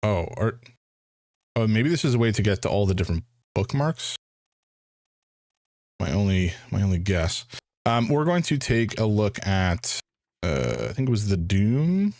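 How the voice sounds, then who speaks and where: A man's voice: on the low side, big pitch swings, a little slow, pauses often, darkish tone, dry recording, studio quality. A man streaming a first playthrough of a detective game, thinking aloud in a hesitant way with frequent restarts. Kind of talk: casual live game commentary.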